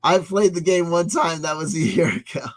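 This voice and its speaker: A man talks into a desk mic on a livestream, wandering from thought to thought and answering chat as it comes. His voice sits a little high, and he often stumbles and repeats words before picking up the thread. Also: animated, moderate pace, poor audio. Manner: meandering, self-interrupting, repeats words. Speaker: channel host reading live chat. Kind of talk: rambling livestream commentary.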